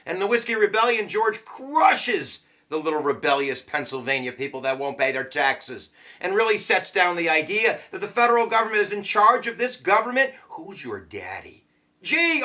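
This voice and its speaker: A man teaching a casual history lesson, joking and slangy with quick asides. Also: sits high. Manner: jokey, slangy and animated, with sudden asides.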